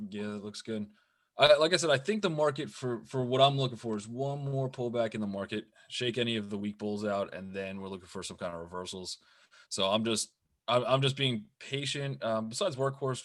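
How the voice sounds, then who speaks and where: A man, a day trader, talking in an easygoing, halting way and often repeating his words. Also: fairly low pitch. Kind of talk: casual chat.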